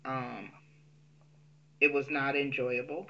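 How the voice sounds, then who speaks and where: A woman's voice: rumbling low, fairly even intonation, slow, muffled recording, background noise. A woman telling a personal story in a casual, candid way, with frequent um fillers.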